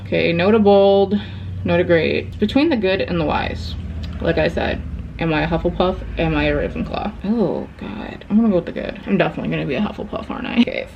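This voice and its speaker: A woman's voice: lowish voice, lively intonation, a little fast, creaky, a little hiss or hum, rough recording. A woman vlogging in a casual, chatty way, reading quiz prompts aloud, reacting to them frankly and swearing now and then. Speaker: book vlogger. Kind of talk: casual vlog chat.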